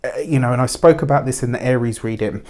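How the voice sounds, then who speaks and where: A man's voice: medium pitch, fast, darkish tone. A man giving a weekly tarot reading in a chatty, rambling way, with spiritual phrasing and frequent fillers. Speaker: tarot reader.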